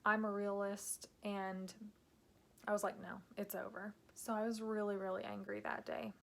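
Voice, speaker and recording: A woman's voice: mid-range voice, little pitch movement, normal speed, creaky, a little hiss or hum. A woman in her thirties telling her own story to camera in a candid, emotional way. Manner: candid and emotional, with some soft hushed passages. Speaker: vlogger.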